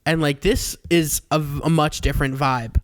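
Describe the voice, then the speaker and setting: A young man on a podcast who cracks dry, playful jokes from home. His voice sits a little high and sounds close and dry, with no room echo. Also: fairly even intonation, normal speed. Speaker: podcast co-host. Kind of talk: casual chat. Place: home in Queens.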